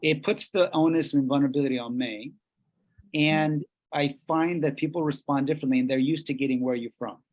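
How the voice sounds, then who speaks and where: Speaking at medium pitch, this man from Colombia delivers a workshop with measured pacing, stopping and starting again whenever he shifts between Spanish and English.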